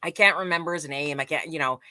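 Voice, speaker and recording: A woman radio host talks casually, starting and restarting her thoughts. Her tone is bright and forceful. The sound is dry and close, with no room echo. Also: low voice, fast. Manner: hesitant, with many fillers and restarts. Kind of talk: casual chat.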